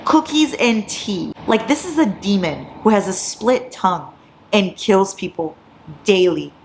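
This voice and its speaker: A woman's voice: mid-range voice, measured pace, a little hiss or hum. Giddy, sleep-deprived woman gushing. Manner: giddy, excitable, laughs often and swears. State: tired from staying up all night. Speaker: book vlogger. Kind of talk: casual reading vlog.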